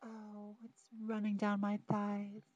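Slow, teasing woman in intimate audio role-play. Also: medium pitch, monotone, no echo. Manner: slow, soft, pleading and teasing, talking straight to the listener. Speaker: audio performer. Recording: dull, dry close recording.

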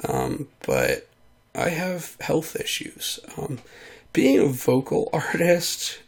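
A man talks into a studio mic in a sick, hoarse voice, with a rough, gravelly fry. He hosts a casual solo monologue at an unhurried pace. He rambles and makes self-deprecating asides, and his voice stays husky and breathy throughout. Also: on the high side, wildly swooping pitch. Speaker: podcast host and voice artist. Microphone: studio mic at home.

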